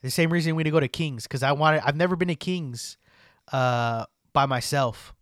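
A man's voice: a little high, normal speed, no echo, studio quality. Slangy young man. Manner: slangy, profane, animated. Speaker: podcast host. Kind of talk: casual storytelling chat.

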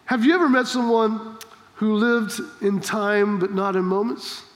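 A pastor preaching an emphatic sermon, full of rhetorical questions and rising to shouts. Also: male voice, very high-pitched. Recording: long hall reverb.

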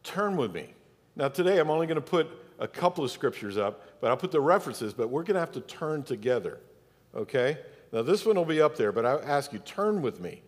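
Lively-voiced pastor preaching in a reverberant church. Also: male voice, a little high, a little fast. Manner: emphatic, talks directly to the congregation. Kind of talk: sermon. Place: church sanctuary. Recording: long church hall reverb.

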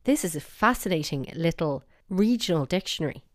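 An Irish woman hosting a podcast, talking casually in a playful, animated, mock-baffled way. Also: lowish voice, brisk, no room sound, clean studio sound. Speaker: podcast host. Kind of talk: casual solo podcast talk.

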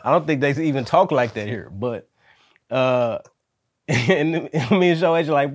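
A man's voice: medium pitch, a little slow, dry recording, studio quality. A man hosting a podcast in casual chat, laid-back and slangy, turning reflective. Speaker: podcast host.

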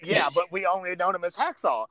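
A man telling a relaxed anecdote in casual conversation, laughing along with his friend. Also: high voice, fairly quick, over a noisy crowd, poor audio. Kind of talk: casual storytelling chat.

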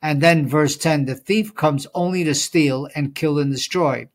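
A man's voice: a little high, unhurried. A man co-hosting a Bible study podcast, talking things through thoughtfully with many fillers and reading scripture aloud. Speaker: podcast co-host. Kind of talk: casual Bible study discussion.

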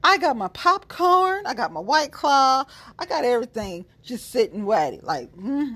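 A woman's voice: on the high side, big pitch swings, a little slow, fairly bright tone, breathy edge. A woman giving a casual, profane, sassy monologue about local politics straight to her viewers. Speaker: political commentator. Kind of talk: casual unscripted monologue to followers.

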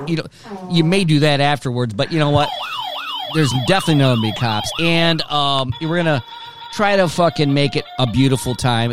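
A man hosting his own podcast from home, rambling casually with lots of swearing and self-directed jokes. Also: mid-range voice. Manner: profane, rambling, joking with himself. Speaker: podcast host.

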